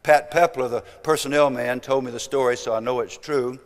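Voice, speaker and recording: A man in his seventies with a Southern US accent, telling an emphatic motivational story that swings from loud to hushed. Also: medium pitch, steady tone, brisk. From American South. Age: 70s. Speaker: speaker. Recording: long hall reverb.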